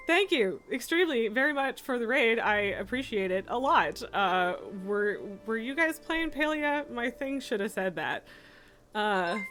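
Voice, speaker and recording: Soft-spoken woman streaming, slow and unhurried. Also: medium pitch. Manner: baby-talks softly to her cat, then chatty and upbeat with viewers. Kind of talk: casual live-stream chat. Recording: faint music behind.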